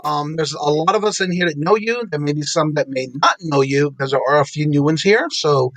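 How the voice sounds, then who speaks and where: A man's voice: fairly high pitch, fairly quick, fairly bright tone, no room sound. A man hosting a casual live show, greeting viewers one by one and laughing often. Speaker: host.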